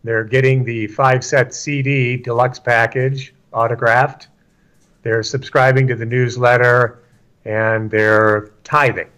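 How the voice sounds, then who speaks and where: A man's voice: medium pitch, level tone, a little slow, fairly bright tone. A man talking about scripture in a casual but preachy discussion, emphatic and repeating phrases for stress. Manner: emphatic, repeats lines for stress, acts out quotes.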